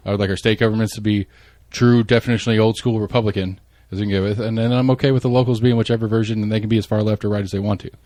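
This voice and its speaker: Fast-talking podcast host man. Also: lowish voice, steady tone, darkish tone, no echo. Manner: fast, restarts often, cuts in. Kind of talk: casual political chat.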